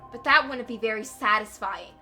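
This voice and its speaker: A woman's voice: fairly high pitch, normal speed, pushed and bright, soft background music. A woman voicing a vengeful male ex-convict from a game, taunting and sneering with mock sweetness that turns to snarling threats. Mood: menacing. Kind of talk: reading a game aloud with voices.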